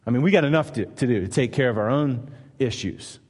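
A man's voice: mid-range voice, animated, a little fast, a little mellow, husky, in a large hall. A man preaching a sermon in an emphatic style, often asking the listeners rhetorical questions.

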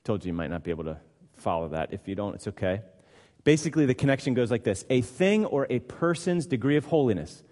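A man's voice: mid-range voice, big pitch swings, fast, darkish tone. Man preaching in a reverberant hall. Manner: conversational teaching with emphatic repetition. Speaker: pastor. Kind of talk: sermon.

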